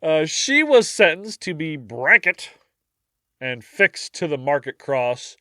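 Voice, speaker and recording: Man, podcast co-host, casual jokey storytelling, acts out scenes, animated pitch, dry close mic. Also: takes it slowly, no room sound. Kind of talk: casual history podcast chat.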